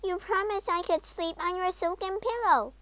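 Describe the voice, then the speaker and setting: A woman's voice: very high-pitched, normal speed, fairly bright tone, no room sound, voice pushed up. A woman voicing a cheeky, greedy male frog who wheedles and insists on getting his way. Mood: wheedling.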